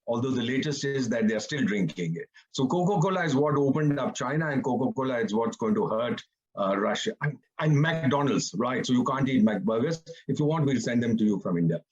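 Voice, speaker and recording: Man in his seventies, husky voice, sarcastic and theatrical, muffled audio. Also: mid-range voice, animated, a little fast, a little mellow. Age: 70s. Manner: sarcastic, theatrical, mocking asides. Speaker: retired ambassador, panelist. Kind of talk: animated panel talk.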